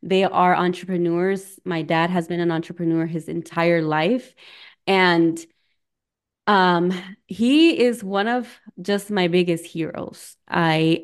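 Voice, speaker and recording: A woman's voice: lowish voice, clear, resonant tone. A young woman coaching and hosting a conversational webinar, chatty and personal, slipping in Spanish phrases, speaking into a computer mic on a video call. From United States, Mexican family. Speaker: coach and workshop host.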